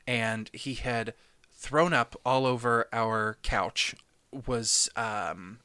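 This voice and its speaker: Male podcast co-host, chatty storyteller, bright and dry. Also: mid-range voice, drawn-out words, smooth, no echo. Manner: animated anecdote-telling with laughs. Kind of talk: casual storytelling chat.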